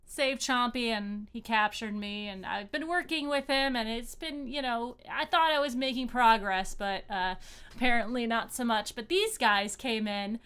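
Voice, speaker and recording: A woman's voice: a little high, normal speed, a bit bright, clean tone, lightly acted. A woman voicing a cheerful young woman who rambles in an upbeat way.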